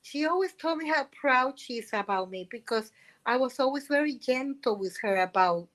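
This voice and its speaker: A woman's voice: high voice, normal speed. An older woman with a Puerto Rican accent, a Spanish speaker chatting casually and telling stories with laughter. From Puerto Rico. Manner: chatty, animated storyteller with frequent laughs. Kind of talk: casual chat.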